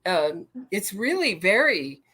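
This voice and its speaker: A woman hosting a podcast, speaking emphatically in halting phrases. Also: mid-range voice, very animated, sharp tone, slightly rough. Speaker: podcast host. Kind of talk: casual podcast discussion.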